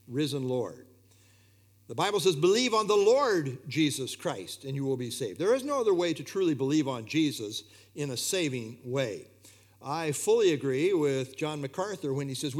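A man preaching an expository sermon, earnest and emphatic, often repeating key phrases. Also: a little high.

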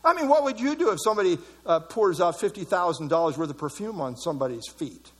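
A male preacher with a high, lively voice works through scripture verse by verse. His pitch rises and falls widely as he stresses single words and adds chuckling asides. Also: fairly quick, husky. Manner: animated, reads quotes, chuckles at his own asides. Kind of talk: expository sermon.

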